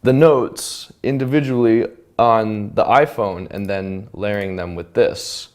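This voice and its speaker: A man's voice: fairly low pitch, slow. A man casually explaining how he produced a pop song, often stopping to hum and mimic sounds. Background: his song's tracks playing loudly.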